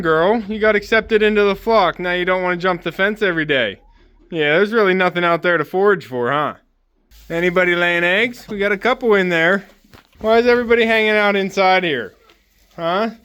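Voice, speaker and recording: On a winter day in the chicken coop, a man on his homestead chats soothingly with his chickens and his dog, coaxing them gently. He's a vlogger with a high-pitched, clean voice, captured on a dry recording.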